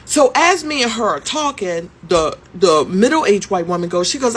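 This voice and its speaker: A woman's voice: mid-range voice, sing-song, moderate pace, hardly any pauses, husky. A woman in her fifties telling a story in a conversational, emphatic way, with frequent rhetorical questions. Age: 50s. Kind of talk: storytime vlog.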